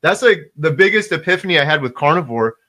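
A man's voice: a little high, lively intonation, fast talker, bright, forceful tone. A man hosting a casual interview chat, talking with emphatic enthusiasm and repeating words for stress.

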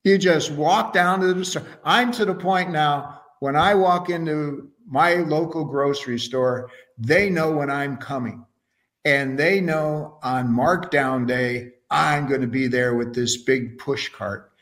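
A man with a fairly high voice speaks slowly and enthusiastically. He tells stories casually as an interview guest. He often restarts his sentences. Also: fairly bright tone. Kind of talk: casual conversational storytelling.

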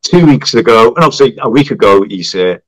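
A man telling an animated story in a casual interview, acting out the voices of the people in it. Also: mid-range voice, fairly quick, no room sound, rough recording. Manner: animated, acts out quoted voices. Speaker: guest.

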